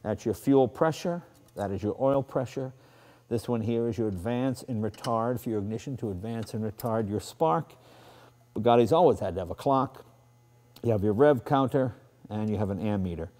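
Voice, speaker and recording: With a dark, lowish voice at a moderate pace, a Boston-accented man hosts a car show, casually showing off a classic car. He's chatty, enthusiastic, and pokes fun at himself, moving from a garage to outdoors.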